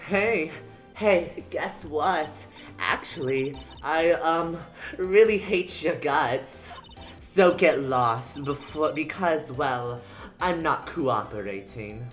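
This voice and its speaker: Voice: medium pitch, expressive, slow pace, a bit bright, faint music behind, pitched above the performer's own voice. A streamer voicing a rude, scornful young woman witness in a game, reading the lines aloud with taunting, sneering insults.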